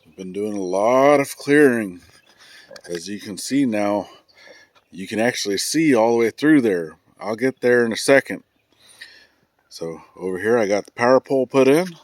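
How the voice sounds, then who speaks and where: A man's voice: lowish voice, expressive, moderate pace, dry recording. Man losing his voice. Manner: easygoing, drawling, many fillers and restarts. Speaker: family homestead vlogger. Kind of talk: casual vlog update. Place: outdoors on a rural building site.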